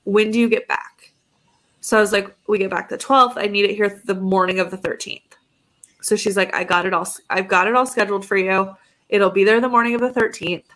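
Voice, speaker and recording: Young woman on a podcast, chatty storyteller, does the voices of people she talked to, mid pitch. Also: brisk. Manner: animated, acts out both sides of phone calls. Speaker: podcast co-host. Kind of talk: casual storytelling chat.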